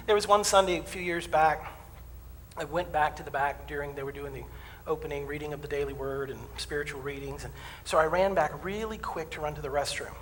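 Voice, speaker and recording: Man, minister, humorous sermon, folksy storytelling, slightly high voice, echoing church hall, faint background noise. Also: steady tone, fairly quick, fairly bright tone. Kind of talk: sermon with personal stories. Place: church sanctuary. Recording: distant mic in a reverberant hall.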